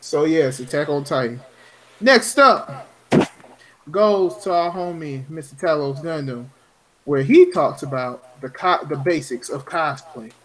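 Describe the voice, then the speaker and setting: High-voiced man co-hosting a podcast. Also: moderate pace. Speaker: podcast co-host. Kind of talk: casual chat.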